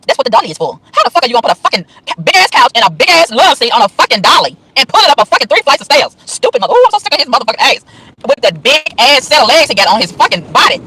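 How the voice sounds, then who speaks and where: A man ranting with animated, profane exasperation on a live stream from his car on city streets, with faint traffic noise behind him. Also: very high-pitched, racing, husky, dry recording, low-quality recording. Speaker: vlogger. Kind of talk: live-stream rant while driving.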